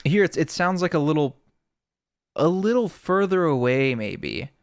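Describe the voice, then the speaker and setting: A man's voice: fairly high pitch, sing-song, unhurried, clean tone, no room sound. A man giving a casual audio tutorial, explaining in a laid-back way with lots of "sort of", close to a studio microphone. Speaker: music producer explaining sound design.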